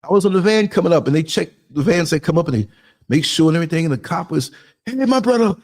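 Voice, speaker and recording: Blunt New man, higher voice. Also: rapid-fire. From New York. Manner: streetwise, blunt, animated storytelling with acted-out quotes. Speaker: podcaster. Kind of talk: casual motivational monologue.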